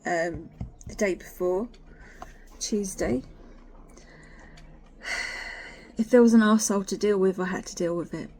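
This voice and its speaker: A woman's voice: medium pitch, unhurried, long pauses, darkish tone. A woman vlogging candidly from home, blunt and sweary, ranting with whispered asides. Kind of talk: candid personal vlog.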